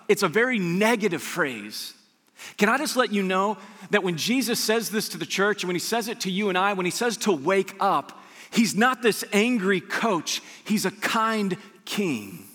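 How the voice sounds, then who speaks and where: A man preaches with a high, bright, forceful voice that rings out through a large hall with a long reverb. He keeps it casual and lively, throwing asides to the congregation as he goes. The delivery is that of a pastor mid-sermon. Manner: energetic, conversational preaching with frequent rhetorical asides.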